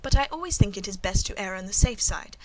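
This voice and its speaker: Woman reading as a cool demure servant lady, measured and guarded, audiobook. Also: mid-range voice, animated, close to an everyday voice, poor audio. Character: guarded, composed middle-aged woman servant.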